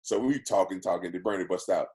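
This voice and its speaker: A man from Texas with a lowish voice tells stories on a podcast. He is animated and quick to laugh. He hammers his point home by repeating phrases. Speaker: podcast guest, actor and former football player. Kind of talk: casual storytelling.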